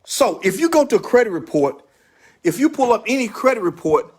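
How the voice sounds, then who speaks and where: A man's voice: very high-pitched, very animated, brisk, breathy edge. A man hosting a casual livestream about credit repair, emphatic and repetitive, speaking straight to his viewers. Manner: emphatic, repeats himself, talks straight to viewers.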